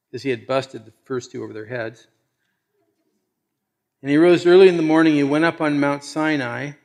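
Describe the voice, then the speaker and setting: A man preaching a sermon, animated, acting out quoted voices and swinging from loud emphasis to hushed, intimate lines. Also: medium pitch. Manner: acts out quoted voices conversationally. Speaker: pastor.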